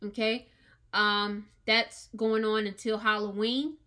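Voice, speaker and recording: A woman's voice: medium pitch, flat delivery, slow pace, pushed and bright. A woman hosting a podcast, giving an earnest opinion monologue with emphatic, repeated words. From United States. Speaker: podcast host.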